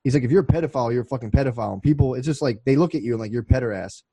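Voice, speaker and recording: A man's voice: mid-range voice, rapid-fire, warm tone, breathy edge, no room sound, rough recording. A man in his twenties co-hosting a podcast, telling rambling, profane stories in casual chat. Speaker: podcast co-host.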